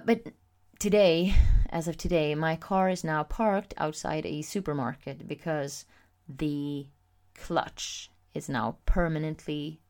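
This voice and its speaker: Female podcast host, lowish voice, candid and expressive solo storytelling with frequent filler pauses. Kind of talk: personal storytelling monologue.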